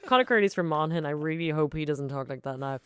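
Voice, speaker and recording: A woman co-hosting a music podcast, chatting casually in quick bursts. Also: low voice, expressive, fairly bright tone. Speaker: podcast co-host. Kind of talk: casual chat about music.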